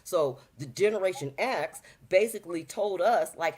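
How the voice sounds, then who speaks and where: A woman in her fifties chatting casually as a talk show guest, animated and preachy, full of slang, acting out little quoted voices. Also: fairly low pitch, moderate pace, few pauses. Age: 50s. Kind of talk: casual chat.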